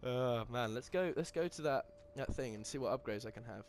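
A young man giving excitable let's-play commentary, yelling and laughing at the game with mild slang. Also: mid-range voice, brisk, a little hiss or hum. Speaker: gamer.

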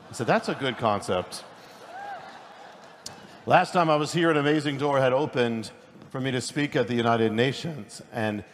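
A middle-aged man preaching at a conference in a quick, conversational way, often restarting his sentences. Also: mid-range voice. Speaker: pastor and speaker. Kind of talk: conference sermon. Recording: long hall reverb, faint noise.

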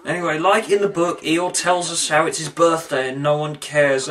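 A man's voice: a little high, fairly even intonation, normal speed, few pauses, fairly bright tone, recorded from a distance. A man giving a comic video review in a mock-dramatic way, breaking into exaggerated outbursts. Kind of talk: comic commentary.

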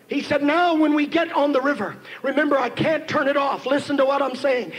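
A man preaching a sermon, telling a story and building to shouted emphasis as he calls on the congregation. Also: extremely high pitch, moderate pace, hardly any pauses, low-quality recording. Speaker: pastor. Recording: 1990s church sermon tape with faint hiss.

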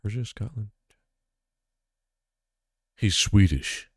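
A man's voice: fairly low pitch, takes it slowly, husky, dry recording, studio quality. A man streaming a game, thinking aloud casually and exclaiming when things go wrong. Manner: animated, exclaims and swears. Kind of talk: casual gaming commentary.

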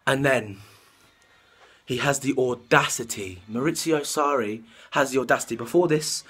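A young man vents straight into the camera with a slightly husky, rough edge to his voice. He swears freely and keeps breaking into shouted outbursts. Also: mid-range voice, normal speed. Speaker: vlogger. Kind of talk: angry football rant to camera.

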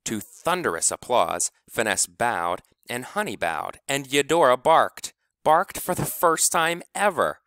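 A man narrating a novel with expressive storytelling. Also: medium pitch, a little slow, few pauses, dry recording. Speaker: audiobook narrator. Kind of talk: scripted narration.

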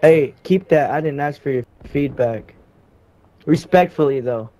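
A man's voice: on the high side, measured pace, warm tone. A man in gaming voice chat, talking in a laid-back, slangy and joking way. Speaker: fellow player.

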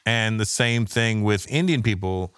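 A man, a stand-up comedian, telling stories in a casual podcast talk, animated and profane, acting out the people he quotes. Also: lowish voice, unhurried, clear, resonant tone, no room sound.

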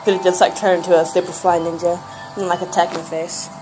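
A woman's voice: lowish voice, level tone, fast talker, over music. A young woman vlogging at home and outdoors, giddy and rambling, breaking into squeals and screams. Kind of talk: hyper solo vlog. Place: home kitchen, then outdoors in a yard. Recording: noisy home camera audio.

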